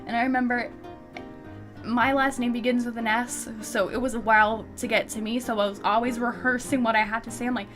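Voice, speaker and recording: A woman's voice: fairly high pitch, fairly even intonation, fairly quick, over music. A young woman hosting a visual novel playthrough, chatty, rambling and self-deprecating. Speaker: let's play host. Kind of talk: game commentary and reading.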